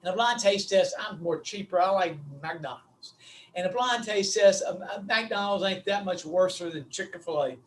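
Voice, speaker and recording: A middle-aged man with a Southern US accent giving a folksy, animated webinar lecture, calling his audience his friends. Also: high-pitched, normal speed, far from the mic, a little hiss or hum, poor audio. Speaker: webinar speaker on vocal delivery.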